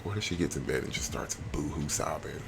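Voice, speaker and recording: A young man giving casual, slangy commentary on a life-sim game, animated and given to sudden high squeals. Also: brisk, gravelly, over music. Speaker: gameplay vlogger.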